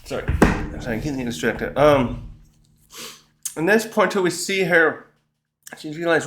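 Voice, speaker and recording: A man's voice: fairly high pitch, animated, unhurried, long pauses, fairly bright tone. Rambling man reviewing a comic chapter. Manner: rambling, self-interrupting, acts out characters' lines. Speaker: manga review host. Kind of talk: casual solo chapter review.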